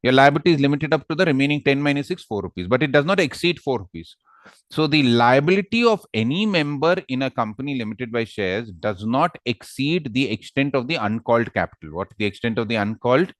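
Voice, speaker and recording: A man's voice: mid-range voice, animated, a little fast, dry recording, studio quality. A man with an Indian English accent teaching an online law class, quizzing students and teasing them.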